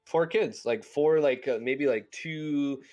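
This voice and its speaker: A man's voice: fairly high pitch, slow pace, darkish tone, highs cut off, soft background music. A man narrating a tabletop game as game master, loose and hesitant, with lots of filler words.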